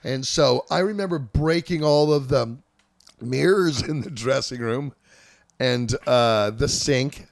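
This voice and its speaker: A man in his fifties hosting a casual chat, telling old touring stories in an animated, profane way. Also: medium pitch, slow pace, creaky, no room sound, studio quality. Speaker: host.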